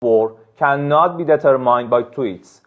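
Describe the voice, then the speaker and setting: A man from Iran speaking English, delivering a measured, pointed formal statement as a government official. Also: medium pitch. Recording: tinny phone-like clip.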